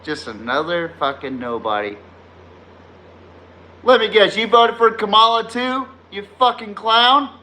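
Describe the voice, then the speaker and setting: A man's voice: high voice, animated, unhurried, pushed and bright, a little hiss or hum. A man hosting a sports podcast stream, ranting heatedly with heavy profanity and trash-talking chat commenters, often laughing at his own jabs. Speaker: podcast host. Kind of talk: live-streamed sports rant.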